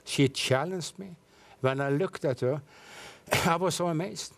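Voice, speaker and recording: A man's voice: a little high, unhurried, vocal fry, no room sound. A middle-aged man, telling his life story earnestly as a guest in a TV studio interview. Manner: earnest storytelling with slightly non-native English. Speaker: evangelist guest. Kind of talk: personal testimony in a studio interview.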